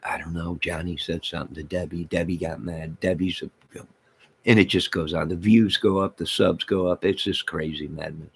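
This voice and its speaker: A man's voice: deep voice, steady tone, normal speed, creaky, breathy edge. A man hosting a casual livestream, rambling and joking with his chat viewers, with a toothless way of speaking. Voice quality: toothless speech. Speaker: livestream host.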